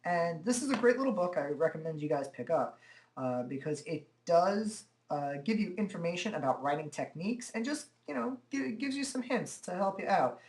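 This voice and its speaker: A man giving a relaxed, chatty walkthrough of software at his computer, talking into a desk microphone and filling pauses with "uh" and "okay". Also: high voice. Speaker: software tutorial presenter. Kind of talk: casual screen-recorded software demo.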